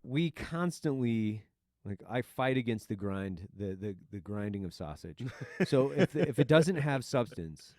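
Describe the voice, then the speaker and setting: A middle-aged man co-hosting a casual, profane chat, animated and mocking others in put-on voices. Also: fairly low pitch, measured pace, dry recording, clean studio sound. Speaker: podcast co-host.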